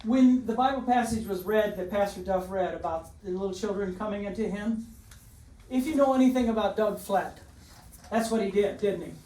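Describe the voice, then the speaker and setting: A man's voice: high-pitched, normal speed, warm tone. A man in his seventies, a retired teacher and coach, giving a joking but emotional dedication speech in a large school gym. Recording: echoey gym, distant mic, background noise.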